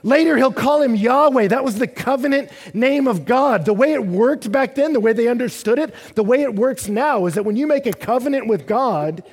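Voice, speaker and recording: A man's voice: extremely high pitch, expressive, moderate pace, few pauses, a little mellow, husky. A man preaching a sermon to a congregation, emphatic and repetitive as he acts out the psalmist's prayers. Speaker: pastor. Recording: long hall reverb.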